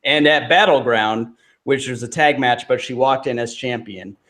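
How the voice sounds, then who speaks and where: A man co-hosting a casual wrestling podcast, ranting quickly and exasperated. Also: medium pitch, fairly bright tone. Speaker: podcast co-host.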